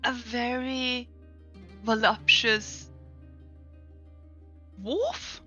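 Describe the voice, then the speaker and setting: A woman's voice: a little high, very slow, sharp tone, highs cut off, faint music behind. A woman playing a tabletop game, playful in her talk. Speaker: player.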